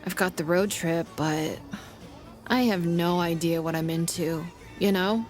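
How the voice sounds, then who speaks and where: A woman plays a moody teenage girl in a story game who speaks slowly and pauses between words. Her voice sits a little low, and game music plays quietly behind her. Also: natural voice. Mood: uncertain. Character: moody uncertain teenage girl on a road trip.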